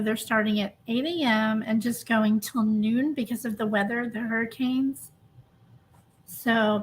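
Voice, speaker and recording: A woman hosting a true crime livestream, chatty and a bit hurried, sounding emotionally drained as she greets viewers by name. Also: on the high side, slight background noise. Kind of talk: casual livestream chat.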